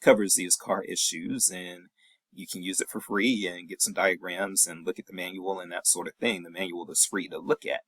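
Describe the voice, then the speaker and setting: Low-voiced professor, relaxed and reassuring. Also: male voice, normal speed, breathy edge, no echo, rough recording. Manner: relaxed, reassuring, chatty with fillers. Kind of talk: recorded course check-in lecture.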